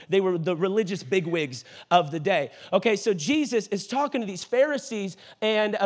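A man preaching a sermon in a church, animated and jokey, using playful voices for the characters in scripture. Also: sits high. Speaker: pastor. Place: church auditorium.

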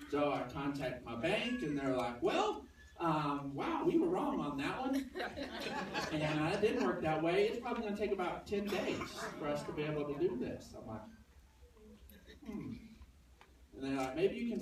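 Male pastor, conversational storyteller, voices the other people in the story. Bit high-pitched. Very reverberant sanctuary, faint noise behind. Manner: conversational storytelling, acts out dialogue. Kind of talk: sermon with personal story. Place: church sanctuary. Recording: very echoey church from a distance.

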